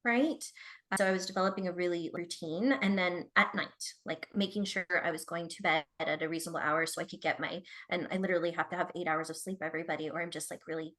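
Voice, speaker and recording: A woman's voice: fairly low pitch, fairly even intonation, fast, fairly bright tone. A woman productivity consultant talks as a podcast guest. She shares her own experiences openly and chattily, with plenty of "like" fillers, and often turns to address the listeners directly. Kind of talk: candid personal storytelling.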